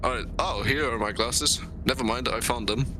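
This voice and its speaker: A man's voice: mid-range voice, normal speed, noisy background. A man from Thailand, born in Finland, streaming a sim race and joking with friends in casual chat. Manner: chatty, jokey, self-mocking.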